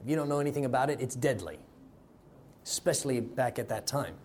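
A man preaching a sermon, telling a story with dramatic swings in loudness. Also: mid-range voice, lively intonation, fairly quick, slightly rough. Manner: dramatic, varies loudness for effect.

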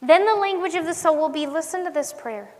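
This ministry teacher speaks in a very high, slightly mellow voice, animated and brisk, as she gives an earnest devotional sermon. Her delivery is conversational, with questions asked of her listeners, and a long hall reverb colors the sound.

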